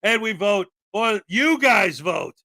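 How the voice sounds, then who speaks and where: A man hosting a casual livestream commentary show, his voice high and bright. He talks loosely, with plenty of fillers and easy laughter. The sound is dry and close. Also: expressive, slow pace, dry recording. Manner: chatty, with frequent fillers and laughter. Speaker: livestream host.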